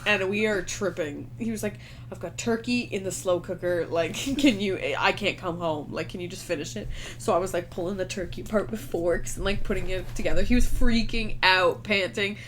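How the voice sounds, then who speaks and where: A woman's voice: mid-range voice, moderate pace, fairly bright tone, a little hiss or hum. A woman co-hosting a podcast, chatting casually, telling stories and swearing freely. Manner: swearing, storytelling with quoted voices. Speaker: podcast co-host. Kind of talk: casual chat.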